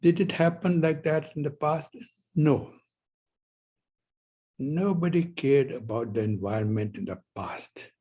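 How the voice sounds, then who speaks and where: A man's voice: on the high side, measured pace, long pauses, warm tone, husky, low-quality recording. A man in his seventies giving a university lecture, telling a rambling personal story full of rhetorical questions. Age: 70s. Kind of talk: classroom lecture.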